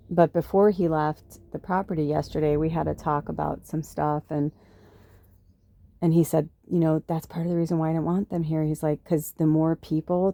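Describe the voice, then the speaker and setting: A woman's voice: deep voice, warm tone, no echo. A woman hosting a spiritual podcast, chatting loosely through a personal story with lots of fillers and retold dialogue. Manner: chatty, full of fillers, quotes others in her own voice. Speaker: podcast host.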